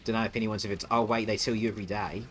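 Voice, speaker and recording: A man's voice: lowish voice, level tone, racing, slight background noise. Scornful, stammering male streamer ranting. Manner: contemptuous, stuttering restarts, swearing.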